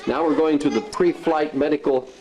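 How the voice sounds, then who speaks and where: A woman's voice: sits low, moderate pace, rough recording. A woman hosting an event, asking children friendly, coaxing questions. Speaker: event host interviewing children. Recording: home video over loud crowd.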